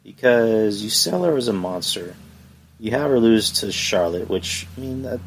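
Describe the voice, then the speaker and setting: A man with a fairly low voice hosts his own review podcast from home. He rants in a casual, exasperated way and keeps throwing out rhetorical questions. A faint hiss sits under his voice. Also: lively intonation, normal speed. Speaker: podcast host. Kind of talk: solo wrestling review podcast.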